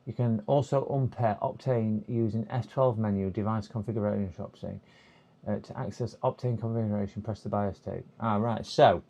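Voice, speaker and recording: Man, lowish voice, muttering through repair steps on a live stream, hesitant and casual. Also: steady tone, moderate pace, gravelly, mellow. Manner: thinking aloud, hesitant, reading instructions half to himself. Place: repair workbench.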